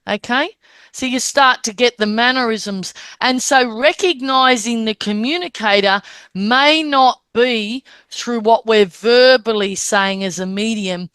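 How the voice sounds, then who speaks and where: A woman medium teaches how spirit communicators are recognised, frequently asking her listeners "Okay?" and acting out the spirits' words and gestures. Her voice is a little high, fairly bright, clear and resonant, with no echo.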